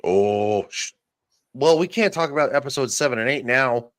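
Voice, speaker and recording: A man co-hosts a casual chat, easygoing and full of jokes. His voice is medium-pitched and fairly bright, with lively intonation at a normal speed, recorded at studio quality with no room sound.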